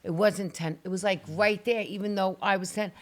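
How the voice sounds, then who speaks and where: A woman's voice: medium pitch, fairly even intonation, normal speed. A middle-aged woman on a talk show, animatedly telling a dramatic personal story and swearing now and then. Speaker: guest. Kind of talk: casual storytelling.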